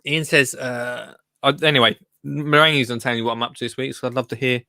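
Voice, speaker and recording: Male host, gravelly voice, rambling live-show chat, reads listener comments, dry close mic. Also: mid-range voice, fairly even intonation, fast talker, sharp tone, no echo. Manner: rambling and chatty, breaks off mid-sentence. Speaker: gardening podcast host.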